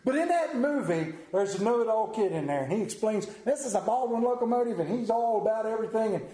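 A man preaching a sermon through animated storytelling, dropping to a hushed voice for emphasis. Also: high voice, fast, echoey room, low-quality recording.

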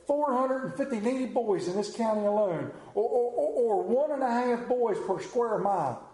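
A man's voice: high-pitched, animated, slow pace, a little mellow. A man voicing an exasperated small-town father, scolding in a drawl, recorded in an echoey room. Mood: worked up. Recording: roomy echo.

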